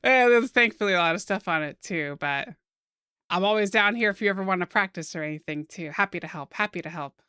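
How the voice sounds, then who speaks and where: A young American woman streaming while she draws, chatting casually with her viewers in a soft-spoken, giggly way. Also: fairly low pitch, fairly quick, smooth, no echo, clean studio sound. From United States.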